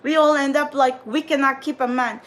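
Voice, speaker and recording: High-voiced exasperated woman ranting on stream. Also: steady tone, moderate pace, a bit bright. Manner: exasperated, repetitive, scolding. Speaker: tarot livestream host. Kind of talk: frustrated livestream rant.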